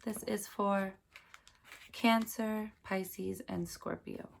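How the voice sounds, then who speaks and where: A woman's voice: medium pitch, fairly even intonation, extremely slow, vocal fry, slight background noise. A woman giving a casual tarot reading to her viewers, chatty and loose, full of "like" and "you know", speaking to her audience fondly. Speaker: tarot card reader.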